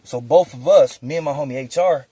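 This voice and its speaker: Young adult man, storytelling, street slang, mellow voice, dry close sound. Animated, acts out dialogue. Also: fairly high pitch, fairly quick, breathy edge, no echo. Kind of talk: casual prison storytime.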